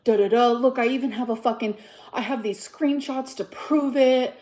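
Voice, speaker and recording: Heated ranting woman vlogger. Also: moderate pace. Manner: heated, profane, swings between loud outbursts and low mutters. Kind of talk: angry ranting vlog.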